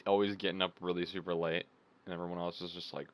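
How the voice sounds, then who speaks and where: A man's voice: low voice, sing-song, moderate pace, pauses often, fairly bright tone. A young man giving casual, joking commentary while he plays a game. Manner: joking, offhand. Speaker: gamer. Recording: clear music behind.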